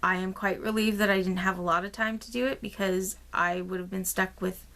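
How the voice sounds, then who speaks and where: A woman talking straight to her viewers in a relaxed, rambling vlog. Her voice sits at a middle pitch, and she fills the gaps with plenty of ums as she tells her story. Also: fairly quick, creaky. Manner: chatty storytelling with many fillers; rambling and expressive. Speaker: craft vlogger. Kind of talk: casual chat.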